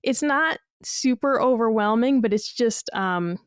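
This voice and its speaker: Smooth-voiced woman, chatty podcast rambler. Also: a little high, lively intonation, a little slow, no room sound. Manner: rambling, filler-heavy, laughs and swears casually. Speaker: podcast co-host. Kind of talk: casual gaming podcast chat.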